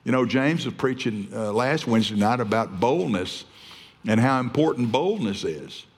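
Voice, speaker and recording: A man's voice: mid-range voice, lively intonation, moderate pace, husky. A man preaching a fervent, emphatic sermon, often restarting his phrases. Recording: long hall reverb.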